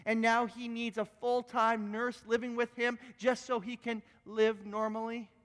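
An outraged, wealthy male lawyer, put on by a man telling a story, hurls slow, emphatic questions in a high, strained voice. The sound carries a long, echoing reverb, as if in a large church hall. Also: sing-song, clear, resonant tone.

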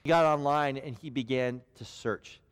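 A man's voice: medium pitch, moderate pace, clean tone. A male pastor preaching a sermon, earnest and speaking straight to his listeners. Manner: earnest, addresses listeners directly. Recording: long hall reverb.

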